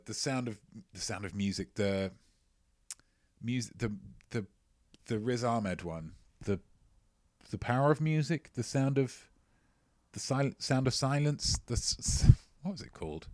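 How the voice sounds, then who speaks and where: A man's voice: fairly low pitch, darkish tone, no echo. A man hosting a live-streamed quiz, joking playfully and mocking himself as he rambles, often stumbling and repeating his phrases. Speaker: quiz host.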